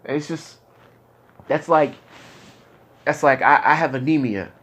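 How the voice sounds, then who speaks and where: A young man speaking as a client in therapy, frustrated and rambling, with frequent halting restarts. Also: a little high, fairly bright tone. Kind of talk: candid casual talk.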